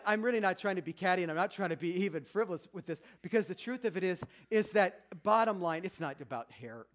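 This man's voice is high and fairly bright. He's in his fifties, a marriage seminar speaker poking fun at himself in a chatty talk before a live audience, performing the voices he quotes.

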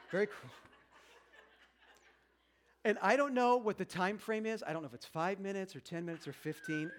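A man in his fifties giving a chatty, self-mocking talk on marriage to a live audience, acting out quoted voices. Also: sits high. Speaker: speaker at a marriage seminar.

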